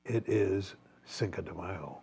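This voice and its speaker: A man's voice: low voice, slow pace, crowd noise. A man co-hosting a casual podcast with dry, brief interjections. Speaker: podcast co-host. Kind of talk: casual chat.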